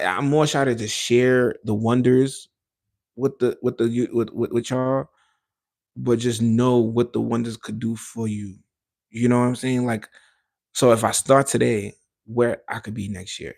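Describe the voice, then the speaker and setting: Male podcast host, gravelly, mid-pitched, loose rambling livestream chatter with slang and swearing. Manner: rambling, emphatic, frequent restarts; slangy and profane. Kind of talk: casual livestream chat.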